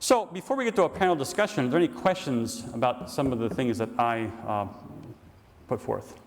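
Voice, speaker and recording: A man's voice: mid-range voice, lively intonation, fairly quick, a little hiss or hum. A middle-aged man, an Orthodox priest, giving a conference talk and answering questions, telling stories in a folksy way with fillers. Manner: folksy storyteller, many fillers. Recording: reverberant hall.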